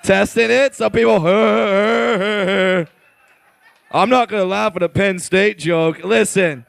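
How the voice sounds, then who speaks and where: Young male stand-up comic, very high gravelly voice, bright and punchy, crude and loud, dry close sound. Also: moderate pace, dry recording. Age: 20s. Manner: brash, crude, shouted punchlines. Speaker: stand-up comedian. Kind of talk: stand-up comedy set.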